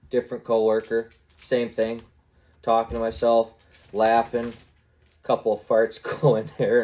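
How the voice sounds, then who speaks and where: Male podcast host, low register, loose casual storyteller who slips into goofy voices. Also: warm tone. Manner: rambling storyteller who acts out little voices and sound effects. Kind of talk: casual solo podcast monologue.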